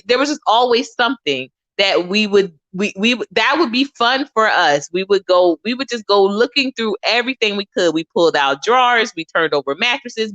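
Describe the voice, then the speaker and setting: A woman's voice: mid-range voice, fairly bright tone, no room sound, muffled recording. A woman hosting a casual livestream chat, talking freely and repeating phrases as she goes. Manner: chatty, repeats phrases, says y'all. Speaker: livestream host.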